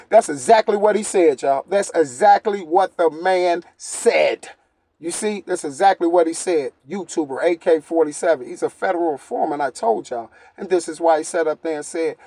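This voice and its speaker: A man's voice: sits high, moderate pace, a little mellow, no room sound. A man, a YouTube commentator, ranting emphatically and repetitively to his audience and addressing them again and again.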